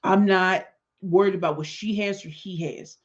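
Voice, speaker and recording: A middle-aged woman hosting her podcast, telling a story in an animated, conversational way with emphatic repetitions. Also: mid-range voice, moderate pace. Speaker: podcast host and business speaker. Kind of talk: storytelling monologue. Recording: dull lo-fi sound.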